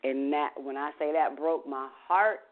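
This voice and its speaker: A woman's voice: deep voice, measured pace. A woman recounts a painful family memory, candid and emotional. She peppers her speech with "you know" and the odd curse word. The sound is thin and tinny, like a phone line. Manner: emotional, candid, swears casually, trails off in fillers. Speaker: interview guest. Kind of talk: candid personal storytelling.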